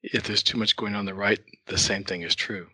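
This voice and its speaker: A man's voice: on the low side, fairly even intonation, brisk, sharp tone, slightly rough, no room sound, low-quality recording. A man who teaches art, a guest in an interview, patiently explaining ideas through worked examples.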